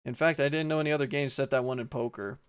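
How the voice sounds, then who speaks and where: A man's voice: mid-range voice, fairly even intonation, rapid-fire, clear, resonant tone. A man streaming a visual novel, reading its narration and dialogue aloud and breaking off now and then to joke and laugh. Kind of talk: playful read-aloud of game text with commentary.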